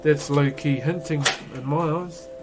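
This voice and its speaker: A man's voice: fairly high pitch, fairly even intonation, unhurried, loud music behind the voice. A young man with a New Zealand accent chatting casually while streaming, joking, swearing and laughing often as he carves wood. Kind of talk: casual live-stream chat.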